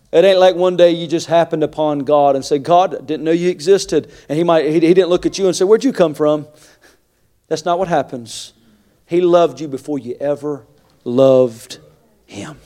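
High-pitched guy preaching, chatty asides then really belting it out. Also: moderate pace. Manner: swings from quiet asides to shouted preaching. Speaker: pastor. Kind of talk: sermon.

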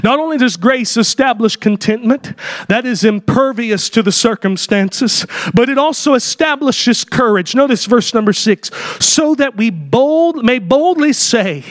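A pastor preaching a sermon in an impassioned style, rising to shouts. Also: male voice, very high-pitched, expressive, a little slow.

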